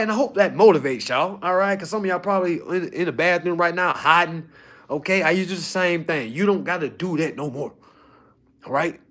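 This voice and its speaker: Emphatic man lecturing with constant check-ins. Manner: swings from low muttering to loud exhortation. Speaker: online course teacher. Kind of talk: casual motivational lecture.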